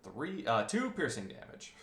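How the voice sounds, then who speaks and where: A man narrating and running a tabletop game as game master, relaxed and halting with fillers. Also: medium pitch, vocal fry. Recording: roomy echo.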